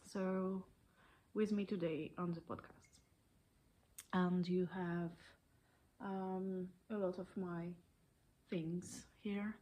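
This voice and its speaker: A woman's voice: on the low side, little pitch movement, slow pace, pauses often, mellow. A woman in her thirties with a French accent, chatting hesitantly in her living room about her knitting for a video podcast. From France. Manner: hesitant, many ums, a little shy on camera. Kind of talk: casual video podcast chat.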